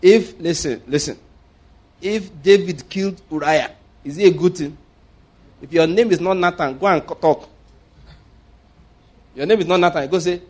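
Middle-aged Nigerian preacher, slightly high voice, storytelling sermon, loud points then quiet asides. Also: male voice, normal speed, long pauses. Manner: anecdotal, swings between loud emphasis and quiet asides.

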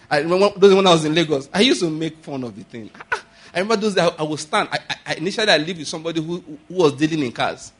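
A man pastor preaching a sermon, swinging between quiet asides and sudden loud, high emphasis. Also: lively intonation, fast talker, husky. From Nigeria.

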